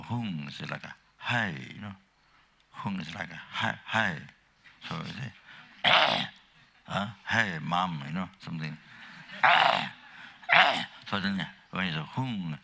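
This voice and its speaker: Older buddhist teacher guy, really deep husky voice, slow rambling dharma talk, keeps coughing, lots of uh and you see. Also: pushed and bright. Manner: halting, rambling, many fillers and restarts. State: coughing often.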